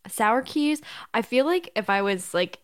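A woman's voice: fairly high pitch, lively intonation, a little slow, clear, resonant tone. A woman from British Columbia in casual chat, telling upbeat stories. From British Columbia, Canada. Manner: chatty, storytelling, upbeat.

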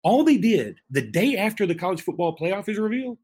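A man's voice: sits high, sing-song, fairly quick, a little mellow, husky. A man, co-hosting a casual sports podcast from a hotel room, rambling with many restarts and laughs. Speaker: podcast co-host.

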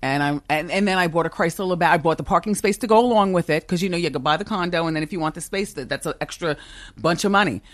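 A fast talker with a fairly low pitch, this middle-aged woman is a talk show host appearing as a podcast guest for a casual chat. She sounds strong and confident and laughs frequently, and the studio has no room sound.

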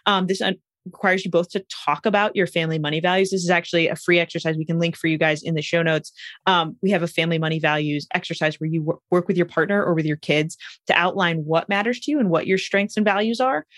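A woman's voice: on the low side, fast talker, no room sound, studio quality. A woman guest on a podcast interview, explaining her views with energy and telling stories with acted-out quotes. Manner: energetic storyteller, acts out quoted voices. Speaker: guest, money coach.

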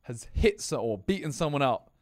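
A man's voice: mid-range voice, normal speed, no echo, clean studio sound. Man telling stories on a podcast. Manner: storytelling, animated bursts, laughs. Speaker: podcast co-host. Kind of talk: casual chat.

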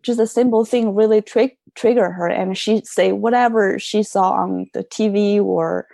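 Gravelly-voiced mother, hesitant and halting. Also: medium pitch, steady tone, warm tone, dry recording. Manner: hesitant, repeats words, non-native phrasing. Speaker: mother asking a question. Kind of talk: personal sharing in a group session.

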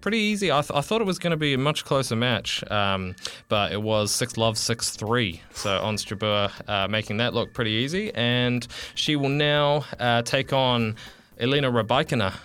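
Bright, clear-voiced New man. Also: mid-range voice, normal speed. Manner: hesitant, many fillers and restarts. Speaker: sports reporter. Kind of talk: radio sports update.

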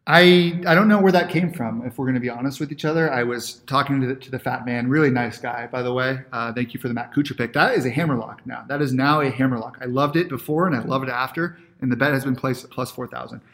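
A man's voice: medium pitch, fast talker, few pauses, a bit bright. Enthusiastic man in podcast banter. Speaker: podcast co-host.

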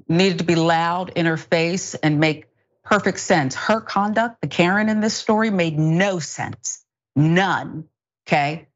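A woman's voice: fairly low pitch, dull audio. A woman hosting a news talk show, giving indignant, emphatic commentary on video clips. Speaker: host.

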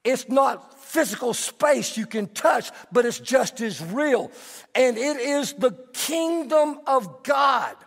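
A man in middle age preaches with a strikingly high-pitched voice, moving between teaching and lively storytelling. His words ring out with a long echo in a large church hall. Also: takes it slowly, gravelly. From Texas. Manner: animated storytelling, conversational preaching. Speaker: pastor. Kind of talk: sermon.

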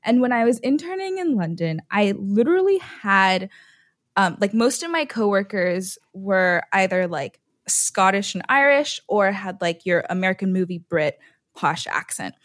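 A woman's voice: medium pitch, lively intonation, moderate pace, a bit bright, dry recording. Young female guest, casual and chatty, dry sound. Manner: chatty, says "like" often. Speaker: podcast guest. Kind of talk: casual podcast chat.

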